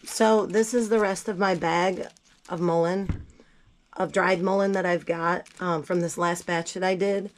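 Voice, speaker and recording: A woman's voice: on the low side, steady tone, a little slow. A woman with a cold making tea in her home kitchen, talking casually and bluntly to the camera with self-mocking asides. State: sick, voice not at its best. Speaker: gardening vlogger. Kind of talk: casual kitchen how-to chat.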